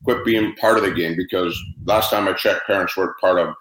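A man's voice: sits low, steady tone, fairly quick, fairly bright tone, echoey room, rough recording. A man who coaches hockey, answering interview questions with passionate, emphatic opinions.

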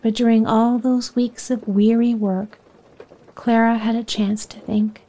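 A woman reading a children's bedtime story aloud in a soft voice that often sinks near a whisper. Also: on the high side, little pitch movement, unhurried, rough recording.

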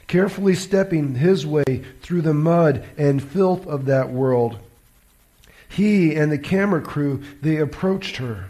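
A man's voice: on the high side, a little slow, warm tone. A male preacher telling a story in a sermon, with a dramatic, emphatic delivery.

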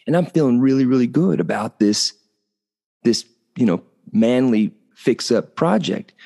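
Middle-aged male host, animated storyteller, very expressive pitch. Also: gravelly. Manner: animated, conversational, tags points with "okay?". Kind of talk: storytelling talk.

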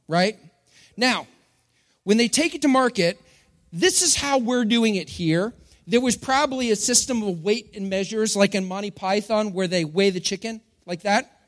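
The speaker is a middle-aged pastor from Texas, joking playfully through a sermon to his congregation. His voice sits high at normal speed, recorded in a church hall with long reverb.

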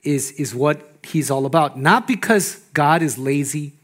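Male pastor, sermon, slightly high voice, animated, shifts from loud emphasis to hushed lines. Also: a little slow. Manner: laughs often between phrases.

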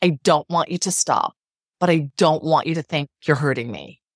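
Earnest middle-aged woman, low and dry. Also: normal speed, no echo. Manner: earnest, emphatic, repeats phrases for emphasis. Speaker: psychotherapist guest. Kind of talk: podcast interview.

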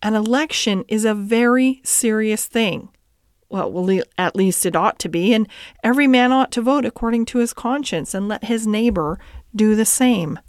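A steady working man in a classic storybook, firm in his principles and earnest with his family, as a woman reads him. Her smooth, clear voice sits dry and close to the mic. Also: a little high, dry recording, natural voice. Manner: earnest and measured. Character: steady, principled middle-aged cab driver and father.

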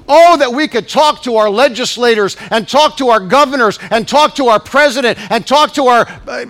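High-voiced preaching man, shouting climaxes. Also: moderate pace, few pauses, some chatter behind. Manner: preaching with sudden shouted climaxes and soft asides; acts out scripture quotes in raised voice. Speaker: pastor. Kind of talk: sermon.

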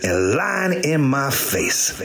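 Animated profane man telling a story. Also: slow pace, creaky. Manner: animated, profane, acts out quotes with sudden high bursts. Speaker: comedian host. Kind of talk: storytelling stand-up monologue.

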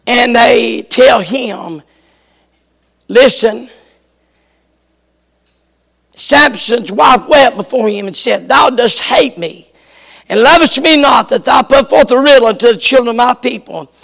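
A male preacher reading scripture aloud and explaining it, with bursts of shouting. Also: very high voice, takes it slowly, creaky, long pauses, long reverb tail. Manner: reads scripture then explains it, rising to shouts. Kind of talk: sermon.

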